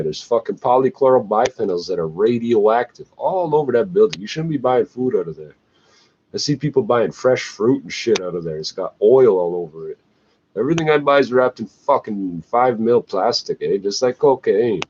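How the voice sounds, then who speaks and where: A man's voice: mid-range voice, animated, moderate pace, darkish tone. A man, going on an agitated, profane, rambling rant. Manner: agitated, swearing, trailing "eh?". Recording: dull lo-fi recording, faint noise.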